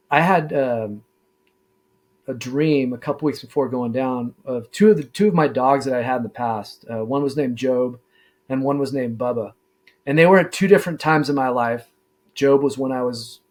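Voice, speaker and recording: A middle-aged man, a former deputy sheriff, telling his story in a casual interview, halting with many fillers and restarts. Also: medium pitch, a little mellow.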